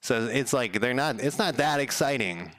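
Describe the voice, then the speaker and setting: A man's voice: mid-range voice, animated, moderate pace, fairly bright tone. A man live-streaming while he codes a game, chatting casually in a rambling, profane way and counting under his breath. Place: home room.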